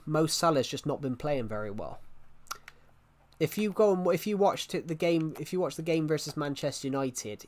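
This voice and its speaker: A man's voice: a little high, animated, moderate pace. A man chatting casually on a live stream, rambling and repeating himself as he restarts phrases. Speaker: game streamer.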